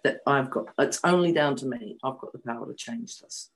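A woman's voice: extremely low pitch, fairly quick, low-quality recording. A woman in her fifties speaking frankly and emotionally as an interview guest, repeating phrases for emphasis and swearing bluntly. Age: 50s. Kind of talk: candid personal storytelling. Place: New Zealand.

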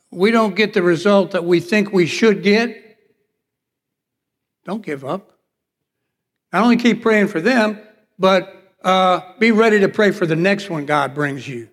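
A man's voice: sits high, a bit bright. A pastor preaching a sermon, telling a personal testimony and acting out the dialogue in his stories. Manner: storytelling, acts out quoted dialogue. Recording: long reverb of a large hall.

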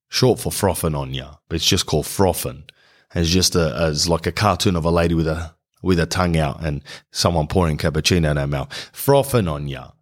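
A man hosting a podcast, rambling in slangy comic monologue and reading an ad. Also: low voice. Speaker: podcast host. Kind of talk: comedic podcast monologue and host-read ad.

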